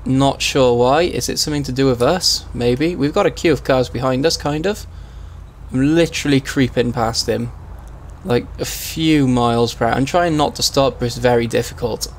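A man with a hoarse, strained voice, chatting casually while streaming a game role-play. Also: medium pitch, normal speed, slight background noise. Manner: chatty, laughs at himself.

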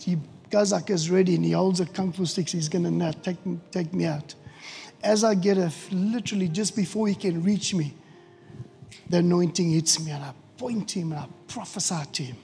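A middle-aged man, preaching a storytelling sermon in an animated way, acting out quotes and often restarting words. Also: sits high, creaky, husky. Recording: hall reverb with faint music.

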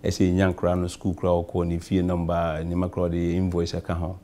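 On a talk show, a Ghanaian member of parliament switches between Twi and English while giving rambling, repetitive answers. He talks fast in a low, mellow monotone.

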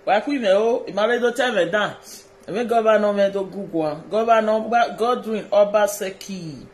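A man's voice: high voice, normal speed. A man from Edo State, Nigeria, with a Nigerian accent, recording a direct-address video message. He pleads in a deferential way, repeats his phrases and mixes pidgin with colloquial English. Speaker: social media personality.

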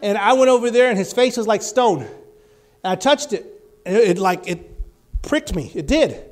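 A male preacher giving a sermon, telling healing stories and rising to loud, fervent exclamations. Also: high-pitched, animated, normal speed.

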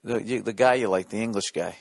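A man's voice: lowish voice, fast talker, creaky. A middle-aged man hosting a comedy podcast, reading out listener letters and ranting in a profane, exasperated way.

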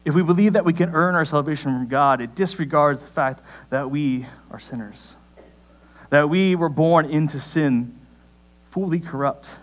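A young man preaches in a relaxed, conversational sermon, telling a story from his week. His voice sits a little high and leaps upward when he gets excited. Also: normal speed. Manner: conversational storytelling with sudden rises in pitch. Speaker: pastor.

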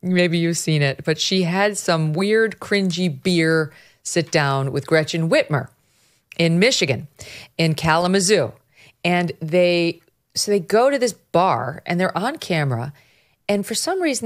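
A woman's voice: fairly low pitch, expressive, unhurried. A middle-aged woman hosting a political talk show, amused and mocking, laughing often between remarks. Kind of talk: casual political commentary.

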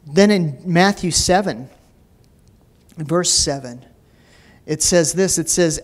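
A man's voice: on the high side, lively intonation, slow, long pauses. A man pastor giving a sermon, telling a story from his life and then preaching with rising emphasis, often repeating words as he starts a phrase.

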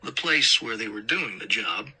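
A male audiobook narrator with a husky, bright voice. He reads a crime story in scripted narration, slipping into tense whispered dialogue. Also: lowish voice, lively intonation, normal speed, poor audio.

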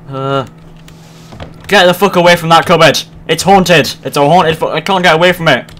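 A man playing a horror game on camera, his voice bright and quite high. He swears constantly and yelps or shouts at the screen when startled. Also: normal speed. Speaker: let's play host. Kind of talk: gaming commentary.

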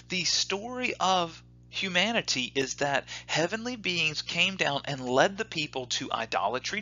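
Guy teaching bible class, really bright sharp voice, kinda dull lo-fi audio. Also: sits high. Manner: lively teaching, asks rhetorical questions, reads scripture aloud. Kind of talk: church class lecture. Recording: dull lo-fi recording.

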